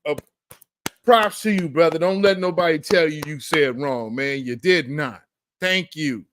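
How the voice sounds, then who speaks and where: This man hosts a political commentary show, speaking emphatically and with fired-up slang. His voice sits on the high side, a bit bright, at a moderate pace, with clean studio sound and no room noise.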